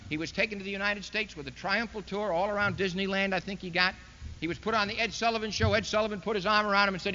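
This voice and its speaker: A man's voice: sits high, steady tone, quick pace, bright, forceful tone, a little hiss or hum. Sarcastic male orator, echoey hall. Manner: sarcastic, emphatic, mocking. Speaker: political speaker addressing a university audience. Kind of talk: public lecture speech. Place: large university hall. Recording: dull lo-fi 1960s archival recording in an echoey hall.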